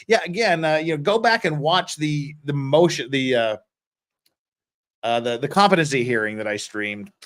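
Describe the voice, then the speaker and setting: A man's voice: mid-range voice, a bit bright. A man hosting a casual legal commentary livestream, reading viewer comments aloud and giving blunt, profane opinions with frequent restarts.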